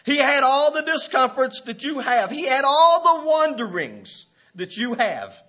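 A man preaching a sermon with passion, often breaking into shouts and laughs. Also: very high voice, big pitch swings, unhurried. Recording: dull lo-fi recording.

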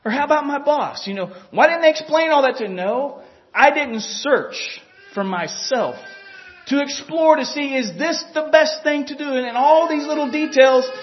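A man with a very high voice preaches a sermon, his pitch rising and falling as he tells a story. He acts out the inner voices of the people he describes and chuckles between points. The recording is dull and lo-fi. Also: animated, moderate pace.

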